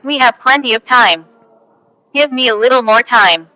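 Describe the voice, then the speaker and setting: A woman reading English example phrases one at a time for learners, slow and careful. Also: fairly high pitch, lively intonation, bright, forceful tone, no room sound, rough recording. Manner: slow, careful, each phrase spoken on its own. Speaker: English teacher.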